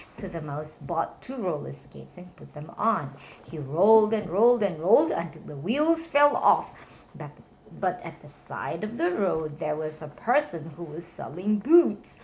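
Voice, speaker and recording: Animated woman reading mouse stories. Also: a little slow, a little hiss or hum. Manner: animated, voices characters in high squeals. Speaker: reading stories to her nephew. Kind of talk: bedtime storybook reading aloud.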